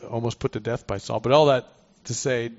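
A man's voice: mid-range voice, steady tone, a little fast. A man teaching through a Bible passage, reading verses aloud and commenting in a conversational way with asides. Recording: dull lo-fi recording.

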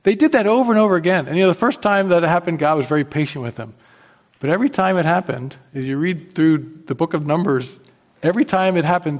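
A man preaching a sermon, swinging from quiet low lines to emphatic, rising peaks. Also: fast talker, dull audio.

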